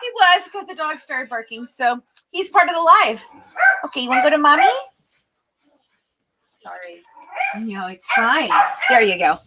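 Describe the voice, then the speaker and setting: Middle-aged woman, high voice, chatty live-stream host, easily sidetracked, noisy home with dogs barking. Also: animated, moderate pace, pauses often. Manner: chatty, easily distracted, apologetic. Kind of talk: casual live-stream chat.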